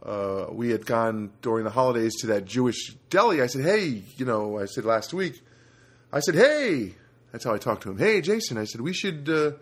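With a mid-range voice, brisk and animated, this middle-aged New Jersey podcaster talks alone from his studio apartment. He's a rambling storyteller who keeps breaking into his own sentences.

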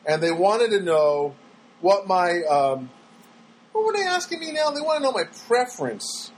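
Sarcastic, rambling man with a high voice. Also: very animated, moderate pace, slight background noise, low-quality recording. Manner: sarcastic, exasperated ranting; rambling with restarts. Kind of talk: storytelling monologue.

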